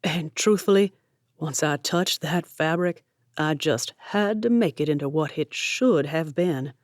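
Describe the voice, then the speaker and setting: A flamboyant tailor man drawls his words in a loud, grand, slow manner, as a woman narrator plays him. He is affected and a bit too familiar, in a storybook reading. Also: low-pitched, no echo, studio quality. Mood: grandiose.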